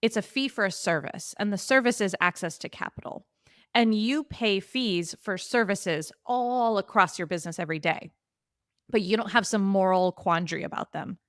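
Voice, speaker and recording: A woman's voice: medium pitch, fairly bright tone, dry recording. Emphatic, dry-sounding woman money coach. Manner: emphatic, quick bursts when quoting others. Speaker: money coach, podcast guest. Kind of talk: casual interview chat.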